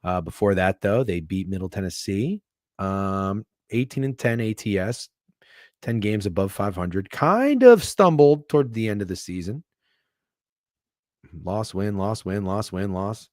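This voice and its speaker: Lowish dry-voiced man musing over bets. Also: very animated, unhurried, dry recording. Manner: swears freely, muses aloud, swings from hushed to loud. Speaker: sports betting podcast host. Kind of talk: casual betting talk.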